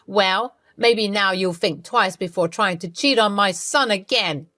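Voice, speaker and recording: A woman playing a scheming mother-in-law, smug and gloating in every line. Her voice sits at a middle pitch in a dry, close read. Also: a little slow, bright, forceful tone, no room sound.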